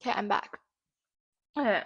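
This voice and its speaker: A woman hosting her own channel, reading out trial quotes haltingly and breaking into angry, swearing commentary. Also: no room sound. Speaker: channel host. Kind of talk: true-crime commentary.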